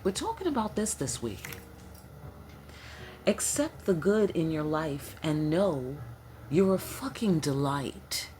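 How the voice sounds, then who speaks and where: A woman with a low voice reads tarot in a loose, chatty way, swearing freely and trading quick questions and answers with unseen spirits. Her pitch swings widely from phrase to phrase, and a faint background hiss sits under her. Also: very animated, darkish tone. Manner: chatty, profane, talks back and forth with herself as the ancestors. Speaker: tarot reader. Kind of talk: casual spiritual tarot reading.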